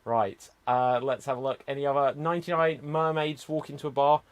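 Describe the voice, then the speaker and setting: A man's voice: medium pitch, little pitch movement, fairly quick, clear, resonant tone. A man hosting an improv comedy show, chatting loosely between games with plenty of fillers and asides.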